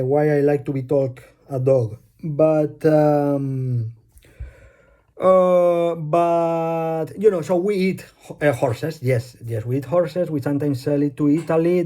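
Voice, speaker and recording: A man's voice: fairly high pitch, mellow. A man with a Spanish accent, a native Spanish speaker, rambling bluntly through a casual monologue and swearing offhandedly.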